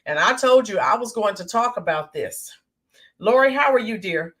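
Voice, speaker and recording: An American woman hosting a casual livestream, greeting viewers by name with lots of filler ums, her voice a bit hoarse from yelling the day before. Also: mid-range voice, expressive, moderate pace. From United States. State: voice slightly hoarse from screaming. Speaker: livestream host. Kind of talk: casual live-stream chat.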